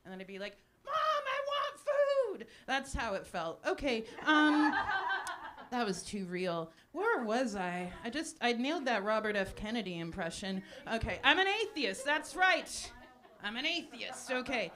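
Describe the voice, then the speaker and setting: Woman comic in her forties, live club set, deadpan self-mocking delivery, noisy room. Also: on the high side, moderate pace. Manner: deadpan, self-deprecating, frequent ums and laughs. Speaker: stand-up comedian. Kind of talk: live stand-up set with crowd work. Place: small cafe stage with live audience. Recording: noisy live cafe recording.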